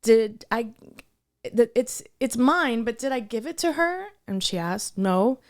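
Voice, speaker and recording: A young adult woman with a fairly high, unhurried voice co-hosts a podcast. She tells a story in casual conversation, animatedly acting out the quoted dialogue.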